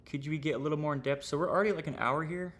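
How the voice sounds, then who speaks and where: A man's voice: fairly high pitch, racing, fairly bright tone. A young man teaching trading on a livestream, casual and rambling, full of slang and fillers. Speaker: trading streamer.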